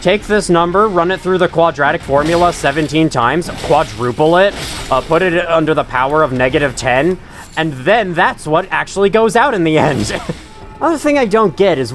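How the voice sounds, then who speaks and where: A man's voice: fairly high pitch, expressive, moderate pace, a bit bright, soft background music. A man giving rambling, chatty gameplay commentary, laughing often and talking to enemies on screen. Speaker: gaming channel host.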